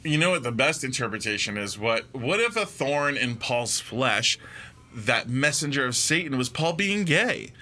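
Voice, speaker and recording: A man's voice: mid-range voice, sing-song, normal speed, sharp tone. A man co-hosting a casual chat, playful and full of quips and laughter. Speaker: podcast co-host.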